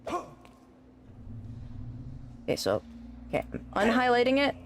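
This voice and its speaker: A woman's voice: fairly high pitch, wildly swooping pitch, measured pace, a little hiss or hum. A woman streaming a game, chatting casually with her viewers, teasing them and swearing freely. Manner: teasing, swears a lot, talks back to chat.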